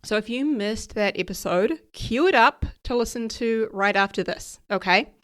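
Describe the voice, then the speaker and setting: Raspy, nasal woman podcast host. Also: a little high, lively intonation, normal speed, fairly bright tone. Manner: chatty and upbeat, laughs often, uses "right?" and "okay?" as tags. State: recovering from lost voice. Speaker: podcast host and ADHD coach. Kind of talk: casual solo podcast talk.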